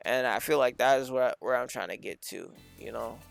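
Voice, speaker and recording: A young man streaming a fighting game, talking casually with lots of swearing, rambling between low mutters and loud frustrated rants. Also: moderate pace, gravelly, music in the background. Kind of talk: casual commentary while playing a fighting game.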